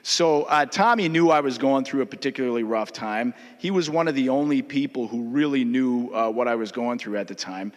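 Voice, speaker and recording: A legislator with a Minnesotan accent speaks from a podium microphone, telling a long anecdote in a loose, halting way full of fillers. His middle-pitched voice rings out with the long reverb of a large legislative chamber. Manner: conversational, halting, many uh fillers. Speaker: state legislator. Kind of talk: memorial floor speech, anecdotal storytelling.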